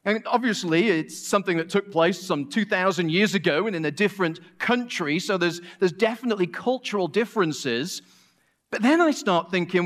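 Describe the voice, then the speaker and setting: High-voiced Manchester English preacher. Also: male voice, expressive, moderate pace, a bit bright. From England. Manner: conversational and joking, with a few restarts. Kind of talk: sermon.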